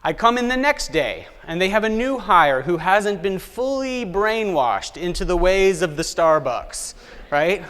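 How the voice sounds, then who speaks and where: A man giving a conference keynote, telling stories lively, acting out the people he quotes and asking the audience questions. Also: sits high, a little slow, clean tone. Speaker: keynote speaker. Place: large conference hall. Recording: long hall reverb.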